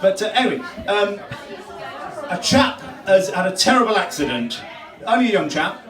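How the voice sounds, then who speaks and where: A man telling stand-up jokes at a variety night, chuckling along as he goes. His voice is fairly high and swings widely in pitch. The recording is echoey and picked up from far across the room. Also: big pitch swings, normal speed, a crowd in the background.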